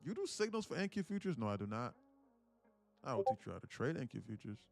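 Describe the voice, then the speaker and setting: A man's voice: mid-range voice, big pitch swings, fast talker, vocal fry, a little mellow, soft background music. A man hosting a live day-trading stream, chatting casually, laughing often and repeating words as he thinks. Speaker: day-trading livestream host.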